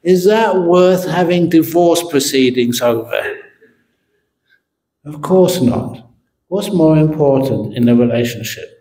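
Monk teacher, playful storyteller, unhurried delivery, roomy hall sound. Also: male voice, on the high side. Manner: humorous storyteller, animated and playful. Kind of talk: evening Q&A dharma talk. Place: meditation centre hall. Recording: echoey hall.

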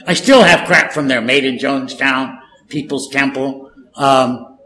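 A man's voice: mid-range voice, measured pace, poor audio. An older man, a native Spanish speaker, telling stories casually in an interview and acting out the people he quotes. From California. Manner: animated storyteller, acts out quoted dialogue. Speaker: guest, former war correspondent.

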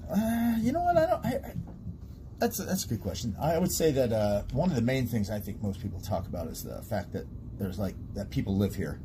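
A man's voice: on the low side, brisk, noisy background. A man, a guest who works as a stage sound and lighting technician, telling stories in casual chat with lots of laughter and restarts. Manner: laughing storyteller, animated, trailing restarts.

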